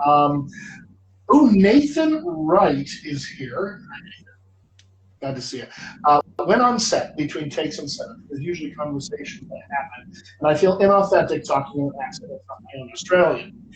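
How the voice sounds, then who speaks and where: A man's voice: fairly high pitch, sing-song, normal speed. A man hosting a live-stream Q&A as a dialect coach, chatty and reading out viewer questions. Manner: chatty, reads questions aloud, playful nagging. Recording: echoey room, from far off, faint noise.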